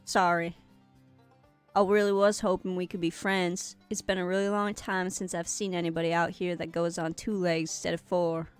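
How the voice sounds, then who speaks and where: A grieving, bitter young troll girl with a put-on American Southern drawl, as a woman reads her in a game. Her voice sits fairly low and comes through smooth and clean, and she speaks in a clipped, hurt way. It sounds like a game character being read aloud. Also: flat delivery, normal speed, soft background music, natural voice. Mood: sad. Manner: curt, hurt and dismissive.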